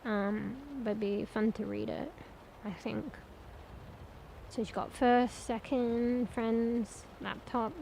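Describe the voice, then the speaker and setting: A woman with a fairly high voice talking her way through a game for her stream. She rambles and thinks out loud as she explores, talks straight to her viewers, and drops casual swears along the way. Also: flat delivery, slow pace, vocal fry, a little hiss or hum, rough recording. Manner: chatty, addresses viewers directly. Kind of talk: casual gameplay commentary.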